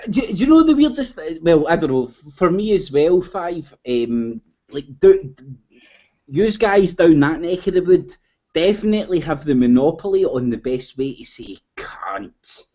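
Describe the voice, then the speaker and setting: Man, Scottish accent, high pitch, casual halting chat, lo-fi audio. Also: sing-song, warm tone. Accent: Scottish, Central Belt. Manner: halting, says "man" and "aye" a lot.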